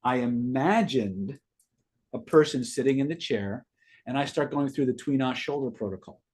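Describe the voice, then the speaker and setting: Husky-voiced man telling a rambling story. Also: medium pitch, normal speed. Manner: rambling, repeats words, rising excitement in story. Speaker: host answering live viewers. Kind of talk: casual live-stream storytelling.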